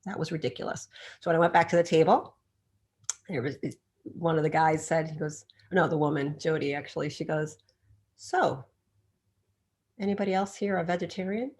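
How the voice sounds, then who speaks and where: A middle-aged woman, a chiropractor guest on a podcast interview, telling stories in an animated way and acting out the voices of the people she quotes. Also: low-pitched, moderate pace. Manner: animated storyteller who acts out quoted voices.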